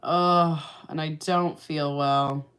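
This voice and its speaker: Sounding worn out, a young woman reads viewer comments on her laid-back makeup livestream, laughing a lot and drifting into filler words. Her low, fairly bright voice stays fairly even and moves slowly.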